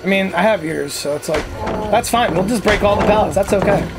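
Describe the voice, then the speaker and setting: A man's voice: sits high, a little fast, loud music behind the voice, low-quality recording. A man giving casual gameplay commentary as a channel host, talking cocky trash with plenty of swearing.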